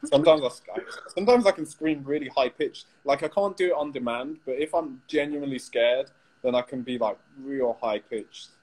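A young man co-hosting a casual chat show, relaxed and teasing in his banter. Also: medium pitch, normal speed, slightly rough, rough recording. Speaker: co-host.

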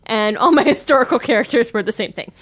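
A woman's voice: fairly high pitch, animated, fast talker. A woman co-hosting a podcast in casual chat, reading out facts in a playful, joking way. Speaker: podcast co-host.

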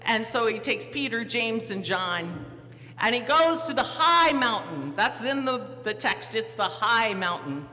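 A pastor with an expressive mid-range voice and a sharp tone preaches at a measured pace in a church sanctuary. He narrates the story vividly, voices the disciples and puts questions to the congregation; the hall is reverberant with a faint hum.

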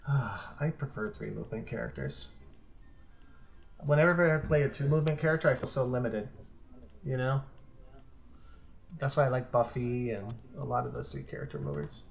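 A woman with a very deep voice hosts a board game session, chatting casually into her own streaming mic. She laughs often and talks through her moves as she thinks. Faint music plays under her voice. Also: moderate pace, creaky, pauses often, lo-fi sound. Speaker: host and player. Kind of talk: casual chat while playing a board game.

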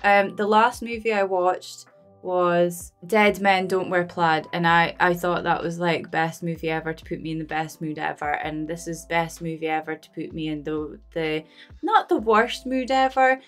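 A woman's voice: on the low side, level tone, normal speed, a bit bright, faint music behind. A Scottish woman chatting casually and emotionally as a movie reaction vlogger, rambling and laughing often.

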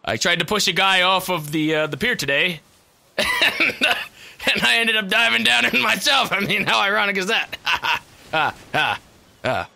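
A young man talks over his gameplay in a high, very bright voice. He is loud and excitable, swears freely and laughs often as he comments. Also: normal speed, creaky, no echo. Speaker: gaming video host. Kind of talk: let's play commentary.

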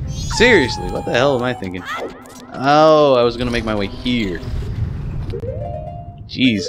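Young man, casual game commentary, excitable, lively pitch, clear game music behind. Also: a little slow, pauses often. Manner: excitable, swears and yelps at game mishaps. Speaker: let's play commentator.

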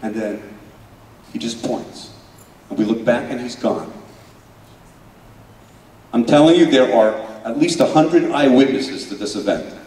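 A man's voice: mid-range voice, lively intonation, measured pace, pauses often, distant mic, lightly acted. A young man playing an earnest paratrooper, echoey hall. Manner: earnest, swings from loud urgency to hushed emotion. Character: Israeli paratrooper man recalling a moving battle memory. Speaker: stage performer. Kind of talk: dramatic first-person monologue.

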